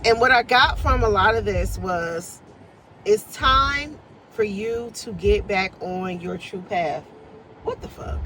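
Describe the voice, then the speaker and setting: A woman's voice: medium pitch, expressive, takes it slowly, pushed and bright, slight background noise, poor audio. A woman, chatting casually and animatedly from her parked car as a tarot reader, laughing and swearing freely. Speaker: tarot reader and life coach. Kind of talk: casual chat to camera.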